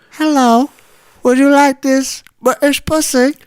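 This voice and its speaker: A man's voice: very high voice, measured pace, a little mellow, no echo, pitched above the performer's own voice. A man putting on a flirty English stripper. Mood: flirty hustling. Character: brash female English stripper, flirty hustler. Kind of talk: improvised comedy skit.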